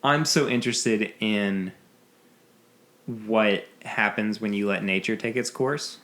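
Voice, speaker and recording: A man's voice: lowish voice, takes it slowly, fairly bright tone. A man hosting a casual bourbon podcast, talking loosely and laughing often. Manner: rambling, laughs often, restarts. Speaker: podcast host. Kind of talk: casual chat.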